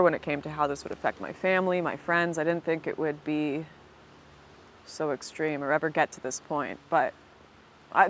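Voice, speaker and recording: Earnest lower-voiced woman telling her story. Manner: earnest, emphatic, with restarts. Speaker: former political activist telling her story. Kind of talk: personal storytelling monologue.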